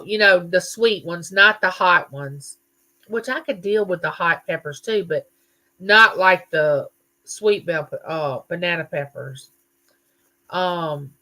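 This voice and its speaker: Chatty woman with a bright voice. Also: lowish voice. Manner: chatty, folksy, rambling. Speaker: livestream host. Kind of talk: casual live chat reading viewer comments.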